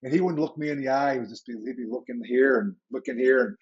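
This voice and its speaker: The recording is muffled, and the man talks fast in a mid-range voice. A former football coach in his sixties with a Pittsburgh accent, he tells lively interview anecdotes, voicing the quoted back-and-forth himself.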